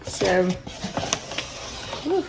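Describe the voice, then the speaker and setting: A woman's voice: extremely slow, noisy background. A middle-aged woman chatting through a cooking demonstration in her home kitchen, explaining each step as she goes. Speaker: home cook demonstrating a recipe. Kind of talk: casual cooking tutorial.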